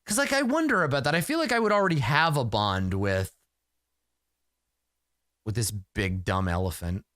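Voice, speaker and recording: A man's voice: medium pitch, expressive, normal speed, fairly bright tone, no room sound, studio quality. Man rambling through a solo tabletop game. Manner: rambling, filler-heavy, emotional. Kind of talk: first-person narration of a solo tabletop game.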